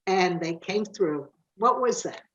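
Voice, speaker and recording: An older woman from the USA gently prompting her sister with questions over a video call. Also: lowish voice, animated, slow, crowd noise. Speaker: interviewer. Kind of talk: conversational questioning. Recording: dull video call audio.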